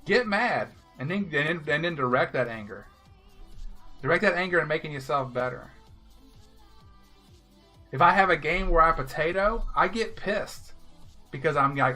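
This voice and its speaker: A man streaming live, giving viewers blunt, animated advice in casual talk. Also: a little high, moderate pace, long pauses, soft background music. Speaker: game streamer.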